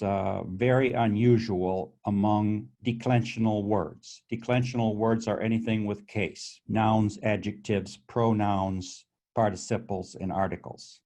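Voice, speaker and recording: Low-voiced man explaining grammar tables. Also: a little mellow. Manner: methodical, halting with restarts. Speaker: Greek grammar teacher.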